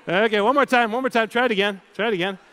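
There's a little hiss or hum as a middle-aged man with a high voice gives a keynote to a live audience in a large hall. His delivery is animated storytelling aimed straight at the crowd.

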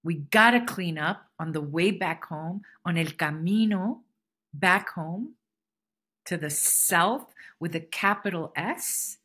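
Woman podcast host, husky lower voice, reflective spiritual solo musing. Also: takes it slowly, a bit bright. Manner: reflective, spiritual musing that circles back and repeats phrases. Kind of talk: casual solo podcast monologue.

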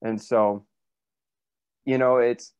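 Slow and steady, this actor's mid-range voice is a little mellow and clean-toned as he tells rambling interview stories full of fillers and restarts. The casual chat is captured in dull, dry, lo-fi sound.

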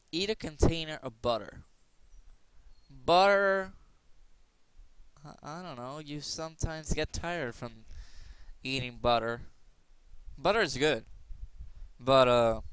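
Young man, channel host, bright voice, smooth and clear, rambling jokey chat. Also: medium pitch, no echo. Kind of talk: casual commentary playing a quiz game.

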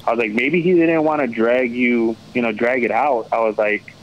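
A man's voice: mid-range voice, steady tone, moderate pace. A man in his twenties, a podcast guest, telling a rambling story and quoting himself as he goes. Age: 20s. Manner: rambling, quotes himself with "I was like". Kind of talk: casual storytelling. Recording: dull lo-fi sound with faint noise.

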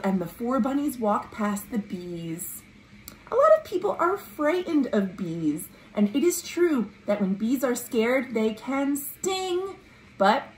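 A woman librarian doing a children's storytime read-aloud at home, animated, with delighted gasps and sing-song refrains. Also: mid-range voice. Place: home room. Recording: roomy home recording with faint appliance hum. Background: dishwasher running.

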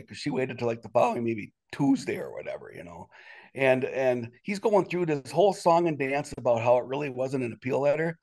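Man, interview guest, casual storytelling, rambling, restarts, indignant pitch jumps, middle-pitched voice. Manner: animated, quick jumps in pitch when indignant; rambling with many restarts and "you know".

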